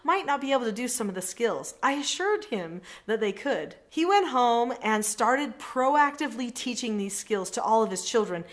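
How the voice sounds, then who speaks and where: A middle-aged woman coaching parents in a direct-to-camera lesson, earnest and encouraging, telling a story from her work. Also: on the high side.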